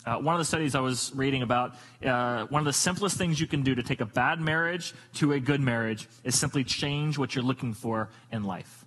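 A man's voice: medium pitch, brisk, hardly any pauses, fairly bright tone, husky, low-quality recording. A man preaching a sermon as a pastor, emphatic and repetitive, asking rhetorical questions.

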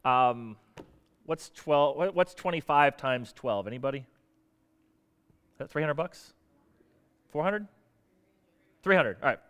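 A man's voice: mid-range voice, lively intonation, slow pace, long pauses, a bit bright, clean tone. A man preaching a sermon, talking conversationally and putting questions to his congregation. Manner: conversational, asks the audience questions. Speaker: pastor. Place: church hall. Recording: echoey hall.

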